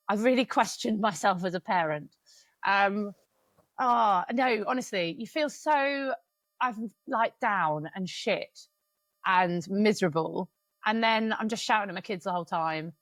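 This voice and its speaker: A woman in her thirties chatting on a podcast, open and emotional, with the odd swear word and bursts of quick venting. Her voice sits at a middling pitch. It is recorded close and dry, with no room sound. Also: fairly bright tone, no room sound. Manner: frank, emotional and swearing, speeds up when venting. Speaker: podcast co-host. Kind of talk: casual podcast chat.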